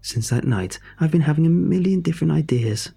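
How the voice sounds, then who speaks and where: A man's voice: on the high side, expressive, a little fast, creaky, dark tone, husky, faint music behind, pitched above the performer's own voice, full character voice. A man voicing an eccentric older woman inventor who is overly cheerful and slightly manic, talking in a rambling, sing-song way. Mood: eager.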